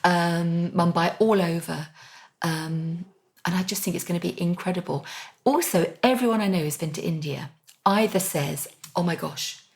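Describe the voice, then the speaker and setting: A woman's voice: fairly low pitch, normal speed. A middle-aged woman co-hosting a podcast, talking enthusiastically in a casual kitchen-table chat with frequent "um"s. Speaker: podcast co-host.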